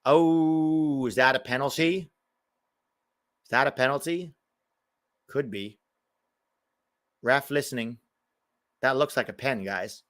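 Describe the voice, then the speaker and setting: A man's voice: mid-range voice, takes it slowly, pauses often, fairly bright tone. An American man hosting a live match watch-along, chatting casually with a sarcastic, riffing manner between reactions to the game.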